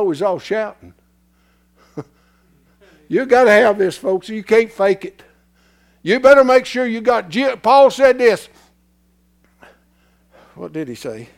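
A man preaching a sermon in a folksy, repetitive way, swinging from hushed whispers to shouts as his voice gives out. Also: high-pitched, lively intonation, unhurried, long pauses. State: losing his voice.

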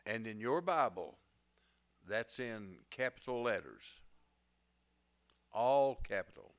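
A man's voice: mid-range voice, expressive, slow. A middle-aged male pastor preaching a sermon, folksy and plainspoken, rising to emphatic bursts.

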